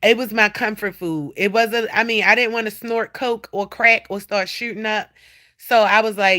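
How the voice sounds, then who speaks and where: A woman hosting a casual livestream from home, animated, blunt and profane as she talks straight to her viewers. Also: mid-range voice, moderate pace. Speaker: livestream host. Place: at home indoors.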